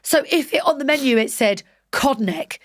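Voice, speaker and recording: Brief: woman, podcast co-host, lively storyteller with slight aligner slur, higher voice, dry close mic. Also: normal speed, no echo. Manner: animated storyteller, mimics her mum, swears. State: slurring through dental aligners. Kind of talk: casual chat.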